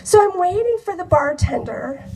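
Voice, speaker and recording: A woman telling a personal story to an audience in an animated, expressive way. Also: very high voice, moderate pace, vocal fry, far from the mic, rough recording. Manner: animated, expressive, acts out quoted dialogue with laughs. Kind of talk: personal anecdote told to a live audience.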